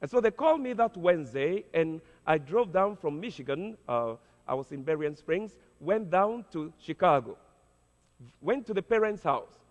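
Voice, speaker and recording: A man's voice: a little high, expressive, moderate pace, highs cut off. A man preaching as a pastor, telling a story earnestly and dramatically, with hesitant fillers. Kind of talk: storytelling sermon. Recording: long hall reverb.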